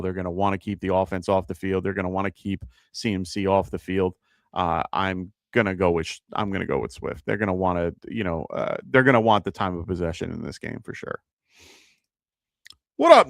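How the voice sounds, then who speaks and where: Chatty low-voiced male sports show host. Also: clear, resonant tone, no room sound, studio quality. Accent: New York. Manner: chatty, filler-heavy, frequent restarts. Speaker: fantasy football show host. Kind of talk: live casual sports advice show.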